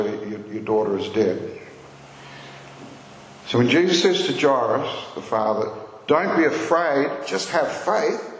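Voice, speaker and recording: Male pastor, earnest sermon delivery, reverberant church hall with faint room noise. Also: medium pitch. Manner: earnest storytelling, rising for emphasis. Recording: echoey hall with long reverb, faint ambience.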